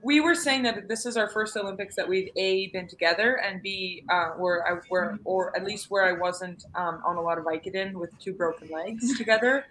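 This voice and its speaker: A woman's voice: mid-range voice, normal speed, hardly any pauses, a bit bright, slight background noise, low-quality recording. A woman, a retired curler, chatting casually as a guest with many fillers and restarts. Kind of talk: casual video interview.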